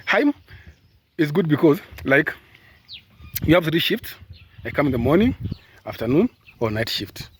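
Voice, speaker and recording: A man from Kenya speaks into a phone held at arm's length outdoors, his voice sitting a little high. He rambles in a casual vlog style, full of fillers and restarts. Faint outdoor noise sits behind him. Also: big pitch swings, a little slow, long pauses. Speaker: caregiver vlogger. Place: outdoors in sunshine. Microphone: phone camera at arm's length.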